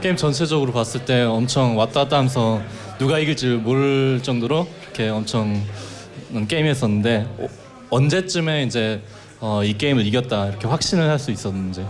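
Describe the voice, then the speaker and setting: A male interpreter relaying questions and answers, halting in English. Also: mid-range voice, soft background music.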